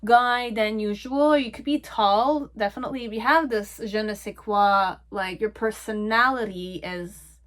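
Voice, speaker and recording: A young woman talks through a pick-a-card tarot reading in a loose, rambling way. Her voice sits at an ordinary middle pitch, and she keeps checking in with the listener as she goes. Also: unhurried, a bit bright. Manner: rambling and chatty, with frequent "okay?" and "like". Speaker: tarot reader.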